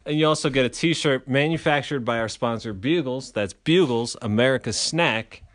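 A man co-hosting a casual podcast, mid-pitched and conversational. He rambles through absurd mock-promotional bits with a loose, joking delivery. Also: moderate pace, a bit bright. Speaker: podcast co-host.

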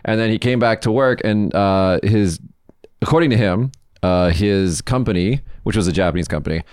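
A man's voice: fairly low pitch, moderate pace, darkish tone, clean tone, no room sound, clean studio sound. A man from the States hosting a casual podcast, chatting loosely through news stories and swearing offhand. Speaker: podcast host.

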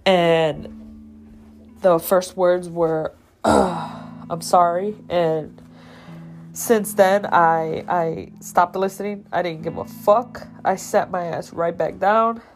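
Woman host, slow and low-pitched, emotional and profane personal storytelling, faint guitar music underneath. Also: steady tone. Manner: raw, emotional, heavy swearing. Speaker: podcast host.

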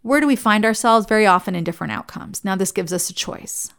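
A woman's voice: medium pitch, fast talker, gravelly, a bit bright, clear, resonant tone. A woman who is a licensed therapist, giving an earnest, conversational talk to fellow therapists and telling stories along the way.

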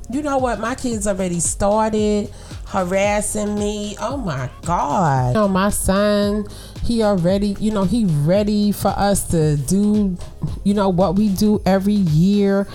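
A mother with a medium-pitched voice hosts a podcast, speaking directly to listeners in a lively, encouraging monologue. She's animated and casual, sprinkling in plenty of "okay?" and "girl."

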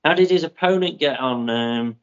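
A man co-hosting a running podcast, working through race results in a steady, methodical way with plenty of ums. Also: mid-range voice. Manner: methodical, with many ums and drawn-out names. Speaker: podcast co-host. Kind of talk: casual chat, reading out running results. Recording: muffled lo-fi audio.

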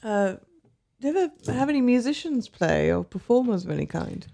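A woman's voice: on the high side, sing-song, brisk, gravelly, dark tone. A woman playing a bard in a tabletop game, bubbly and polite, talking with a friendly lilt. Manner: bubbly, laughs often, polite in character. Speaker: player, a bard. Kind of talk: tabletop role-play.

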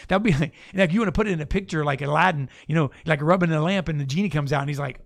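Male host, casual preacher, lively and playful, slightly high voice, dry studio mic. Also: rapid-fire, creaky, few pauses, no echo. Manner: animated, preachy, playful asides. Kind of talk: casual faith talk.

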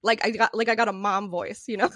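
A woman co-hosting a podcast who tells a story in a casual, animated way, swearing freely and laughing often. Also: mid-range voice, fairly quick, no room sound, clean studio sound. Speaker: podcast co-host.

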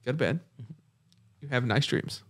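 A man's voice: medium pitch, normal speed, a bit bright. A man hosting a podcast who guides a guest through a playful scenario, asking questions and chuckling. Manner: guiding, quizzing and chuckling. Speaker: podcast host. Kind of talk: casual podcast chat.

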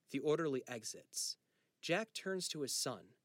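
A male narrator reading a scripted story in an even, descriptive manner. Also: on the high side, unhurried, no room sound, clean studio sound.

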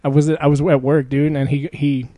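A man's voice: on the high side, little pitch movement, normal speed, mellow, no echo. A man co-hosting a podcast, chatting casually in a rambling, profane way and laughing often as he tells stories. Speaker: podcast co-host.

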